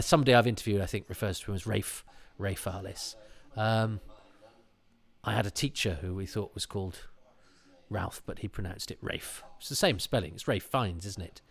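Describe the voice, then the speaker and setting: A man's voice: lowish voice, gravelly, fairly bright tone. A man hosting a commentary podcast, chatting in a rambling way with many restarts and asides. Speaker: podcast host.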